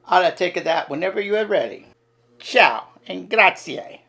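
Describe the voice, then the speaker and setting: A man's voice: sits high, lively intonation, a little slow, gravelly, sharp tone, voice pushed up, full character voice. A man voicing an effusive, theatrical Italian waiter in a language-lesson skit, with a put-on Italian accent and a sing-song delivery.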